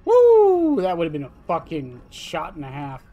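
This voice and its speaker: A man's voice: on the high side, brisk, lo-fi sound. A young man streaming a game, rambling casually to his chat with lots of fillers and laughs. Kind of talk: casual gameplay commentary to chat.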